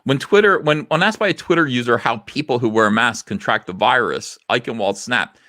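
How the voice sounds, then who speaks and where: A man's voice: mid-range voice, fairly quick, bright, forceful tone, no room sound, studio quality. A man hosting a casual livestream, reading posts aloud with sarcastic commentary that swings between muttering and outbursts. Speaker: livestream host.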